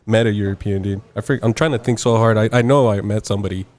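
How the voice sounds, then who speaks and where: A man's voice: lowish voice, fairly even intonation, quick pace, a little mellow. A man hosting a podcast in casual chat, laid-back and profane, laughing easily. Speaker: podcast host.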